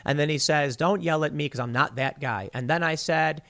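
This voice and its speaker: A male podcast host giving a heated monologue, animated and stammering often as he restarts his sentences. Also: on the high side, normal speed, gravelly. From United States.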